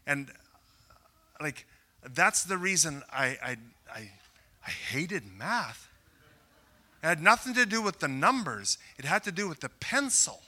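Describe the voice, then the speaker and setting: An older man from Canada preaching a sermon, telling a self-deprecating story with rising excitement. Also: a little high, measured pace, pauses often. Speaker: pastor.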